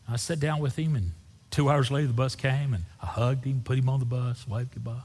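A pastor telling a personal story in a sermon, acting out the dialogue with lively storytelling. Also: male voice, mid-range voice, a little fast, long reverb tail.

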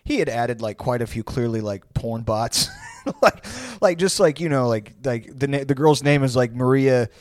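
A man's voice: medium pitch, moderate pace. A man co-hosting a comedy podcast, telling a loose, rambling story between laughs. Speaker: podcast co-host. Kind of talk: casual comedy chat.

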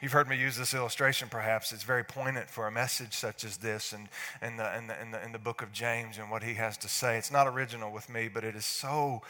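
A man in his forties preaching a sermon, swinging from hushed asides to loud outbursts. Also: mid-range voice, steady tone, fast talker, few pauses. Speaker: pastor. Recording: echoey hall.

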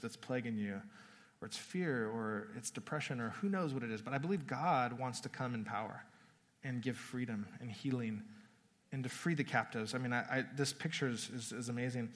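Man, pastor, conversational sermon, restarts words, church hall reverb. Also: medium pitch. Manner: conversational, repeats words, laughs at the text.

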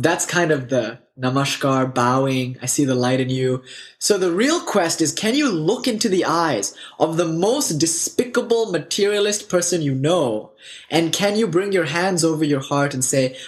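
A man casually telling spiritual stories, animated and loose, full of fillers and asides. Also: a little high.

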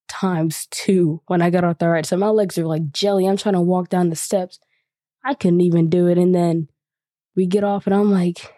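A woman's voice: fairly low pitch, dark tone, dry recording, clean studio sound. A young woman hosting a podcast, telling a casual, chatty story with many 'like' fillers. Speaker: podcast host.

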